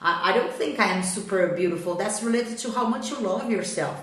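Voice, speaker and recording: A woman's voice: mid-range voice, a little fast, fairly bright tone. A woman from Brazil with a Brazilian Portuguese accent, giving a motivational English lesson on a live stream and checking in with her audience often. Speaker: English teacher. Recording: very echoey room.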